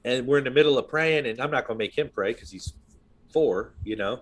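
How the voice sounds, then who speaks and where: A man's voice: mid-range voice, fairly quick. A man in his thirties talking casually on a podcast, rambling through a story with many fillers and asides. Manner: rambling storyteller, full of "you know what I mean". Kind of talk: casual conversation.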